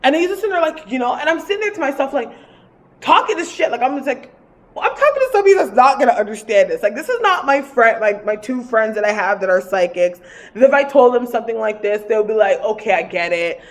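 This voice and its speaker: A woman's voice: fairly high pitch, fast. A woman working as a psychic medium, telling a personal story in a casual, rambling way, full of fillers and swearing. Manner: animated, rambling, filler-heavy and profane.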